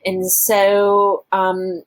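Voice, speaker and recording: A woman's voice: mid-range voice, monotone, drawn-out words. A woman teacher walking through classroom exercises on her slides, thinking aloud with frequent fillers. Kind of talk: presenting teaching ideas over slides.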